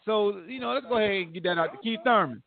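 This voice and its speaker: High-voiced man ranting on a lo-fi line. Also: quick pace. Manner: animated, trash-talking rant with slang. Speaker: podcast host. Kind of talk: casual sports talk. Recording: phone-like narrow audio.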